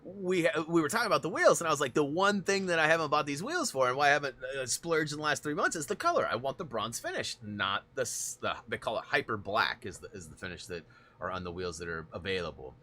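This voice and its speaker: A man's voice: mid-range voice, big pitch swings, fast talker, sharp tone. A man hosting a gaming stream, chatting casually and rambling through long stories with frequent laughs. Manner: rambling storyteller, laughs often. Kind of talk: casual chat while gaming.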